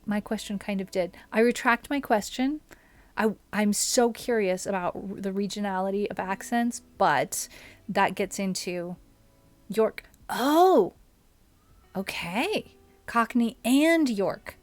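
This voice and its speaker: A young woman streaming a game, talking at an unhurried, drawn-out pace. She chats casually, musing aloud and answering her chat between moves. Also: medium pitch, no room sound. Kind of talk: casual live-stream chat while playing.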